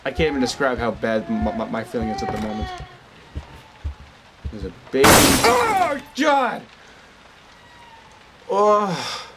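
A man's voice: lowish voice, brisk, pauses often, very noisy. A young man hosting a let's play, nervous and stammering, swearing and pleading aloud as he plays at home with headphones on. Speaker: gaming video host. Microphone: headphones with desk mic.

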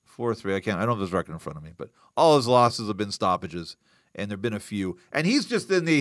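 A man's voice: lowish voice, fast talker, dry recording, clean studio sound. A man hosting a live boxing news show, chatting casually, joking and answering viewer comments. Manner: animated, joking, reacting to live chat. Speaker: host.

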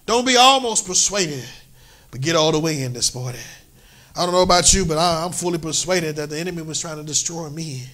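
Male pastor, middle-aged, New York accent, high bright voice, emphatic sermon delivery. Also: expressive, fairly quick. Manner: preaching with rising, emphatic repetition. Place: church sanctuary.

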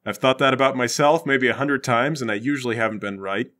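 A man's voice: medium pitch, fairly even intonation, brisk, pushed and bright. A man playing in a tabletop game, responding with dry, wry jokes in casual chat. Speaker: player.

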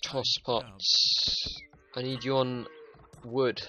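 A man's voice: fairly low pitch, a little slow, vocal fry, lo-fi sound. A young man giving casual, sweary gameplay commentary, joking and muttering to himself. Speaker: gaming YouTuber.

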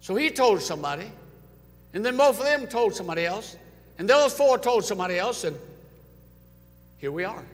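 A man's voice: high-pitched, sing-song, brisk, long pauses. Preacher man in a reverberant church. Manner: dramatic, swinging from loud urging to soft hushed lines. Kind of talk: sermon. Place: church sanctuary. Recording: long church hall reverb.

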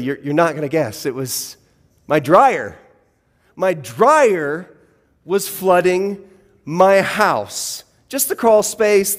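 A man preaching a sermon as pastor, telling a personal story with wry, self-deprecating humor. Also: sits high. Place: church sanctuary. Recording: long church-hall reverb.

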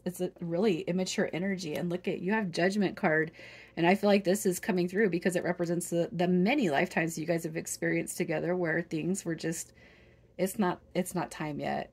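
A woman talks through a tarot reading for her viewers in a husky, lowish voice. She is earnest and emotional, circling back and restarting her sentences as she goes. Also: a little mellow. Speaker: tarot reader.

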